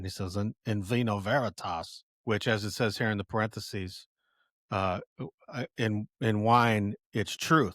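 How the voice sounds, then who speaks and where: A man's voice: on the low side, a bit bright, no echo, clean studio sound. An older man hosting a podcast, casually reading film quotes aloud and rambling through them with many fillers and restarts. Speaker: podcast host.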